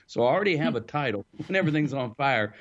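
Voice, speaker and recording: A man, an author being interviewed, explaining his ideas in a thoughtful, storytelling way with the odd soft laugh. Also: medium pitch, lively intonation, quick pace, muffled recording. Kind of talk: reflective interview answers.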